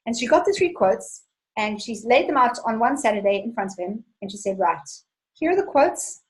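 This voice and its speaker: Brief: bubbly woman webinar host, slightly high voice, chatty and enthusiastic, tells stories. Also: lively intonation, brisk, low-quality recording. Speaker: money coach hosting a webinar. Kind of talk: live webinar Q&A, reading out viewer questions.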